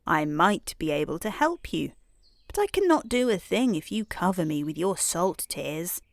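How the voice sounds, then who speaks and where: A woman voicing a fussy, fretful talking frog in a bedtime story, in a gently coaxing tone. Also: on the low side, sing-song, moderate pace, gravelly, no echo.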